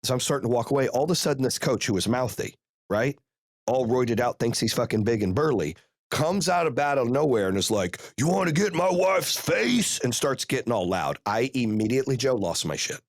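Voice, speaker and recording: A man hosting a podcast, telling a story in a casual, profane, animated way and rattling off rapid play-by-play. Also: medium pitch, no room sound, clean studio sound. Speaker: podcast host.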